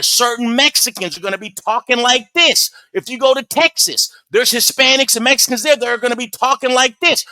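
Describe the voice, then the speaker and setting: A man hosts a reaction video, commenting on footage in an emphatic, preachy way and repeatedly saying "come on". His voice is very high, pushed and bright, and there's no echo.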